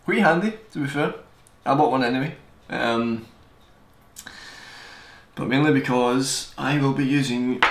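A young man reviewing a gadget on camera in a fast, joking, rambling way. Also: medium pitch, a bit bright. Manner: fast-talking, joking, digressive. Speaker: tech reviewer. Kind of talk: casual rambling product review. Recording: echoey room, faint hiss.

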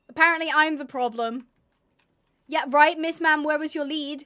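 A woman's voice: high voice, a little fast, pushed and bright. A woman streaming a game live, chatting and mocking herself as she talks to her animals. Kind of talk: live gameplay commentary.

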